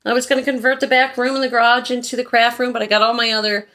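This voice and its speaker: A woman's voice: fairly high pitch, flat delivery, fast, sharp tone. Chatty rambling woman vlogger. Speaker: haul vlogger. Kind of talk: casual chat.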